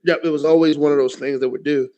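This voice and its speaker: A man co-hosting a casual wrestling podcast, talking in a relaxed, sometimes halting way. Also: a little high, rough recording. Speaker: podcast co-host.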